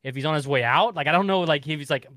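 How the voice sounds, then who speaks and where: A man's voice: on the high side, fast talker, sharp tone, dry recording, clean studio sound. Rambling man in casual sports chat. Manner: rambling, heavy use of "like". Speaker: podcast host.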